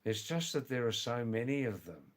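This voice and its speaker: Very animated at a moderate pace, a medium-pitched older man runs a casual livestream, working through viewer messages. Hailing from England and Australia, he teases people by name and repeats words to drive points home.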